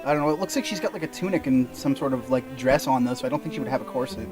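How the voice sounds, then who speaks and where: A man hosting a gameplay video who chats loosely and jokes about what's on screen. His pitch sits in a middle range, and light game music runs underneath. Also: very fast. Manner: joking, banters and laughs at his own jokes. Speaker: let's play host. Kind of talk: casual gaming commentary.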